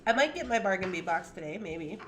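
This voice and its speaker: A woman's voice: fairly low pitch, animated, brisk, a little hiss or hum. A woman hosting a casual jewelry-making livestream from her home craft space, chatty and playful, laughing often. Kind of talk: casual chat.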